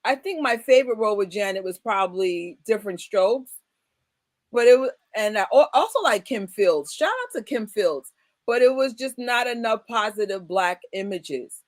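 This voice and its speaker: A woman in her forties from the United States hosting a casual chat, emphatic and animated, often breaking into laughter. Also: medium pitch, moderate pace, no room sound. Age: 40s. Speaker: host.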